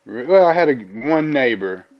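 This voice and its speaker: A man's voice: mid-range voice, lively intonation, normal speed, highs cut off. A man guest in a casual podcast chat, talking in a laid-back, folksy way and swearing.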